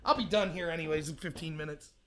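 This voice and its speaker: Guy with a high voice doing sarcastic political commentary, mocking, gets loud. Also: fast, slight background noise. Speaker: political commentary show host. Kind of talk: commentary reading out a hearing transcript. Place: home room lit by window.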